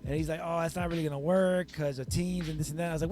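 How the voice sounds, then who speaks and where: Animated man with a higher voice. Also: rapid-fire, soft background music. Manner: animated storytelling, acts out quotes. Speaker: podcast producer and co-host. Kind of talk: casual podcast chat.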